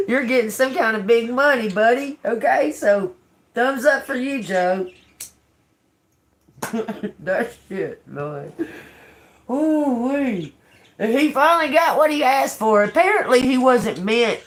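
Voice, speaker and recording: A woman's voice: fairly high pitch, animated. An older woman, hosting a casual tarot livestream, giggling and laughing through her words, with plenty of swearing. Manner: giggly, laughing through speech, profane, slow drawl. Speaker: tarot reader livestream host.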